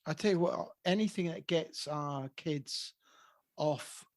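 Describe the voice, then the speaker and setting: A man's voice: a little high, takes it slowly, darkish tone, no room sound. Enthusiastic male podcast co-host. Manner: friendly, enthusiastic questioner. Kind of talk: casual interview chat.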